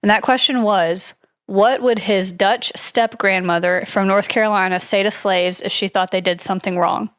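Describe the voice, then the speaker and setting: A chatty woman walks a friend through a spooky old tale, hedging and circling back as she reads from her notes. Her voice sits at an ordinary middle pitch and sounds close and dry, with no room around it. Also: fairly even intonation, moderate pace, smooth, dry recording. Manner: chatty, hedging, reads from notes with frequent likes and I don't knows. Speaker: podcast co-host. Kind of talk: casual storytelling chat.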